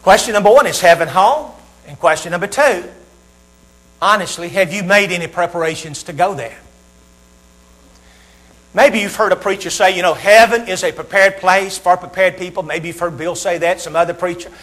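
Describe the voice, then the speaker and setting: Preaching in a high, bright voice, this Southern American minister fires rhetorical questions at his congregation and lets each hang in a dramatic pause. Underneath, the recording carries a faint mains hum.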